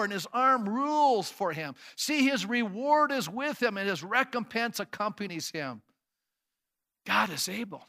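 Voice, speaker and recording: A man's voice: high voice, big pitch swings, moderate pace, bright, forceful tone. A man pastor preaching a sermon, reading scripture aloud and then building to emphatic, repeated declarations, with rhetorical questions to his listeners. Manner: uses sound effects and asks the congregation questions.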